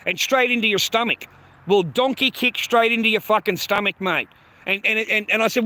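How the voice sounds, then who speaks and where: With no echo in the audio, a man's high, pushed, bright voice comes through a little fast as he hosts a livestream, ranting at the chat with blunt profanity, saying the same things over, and calling people mate and bro.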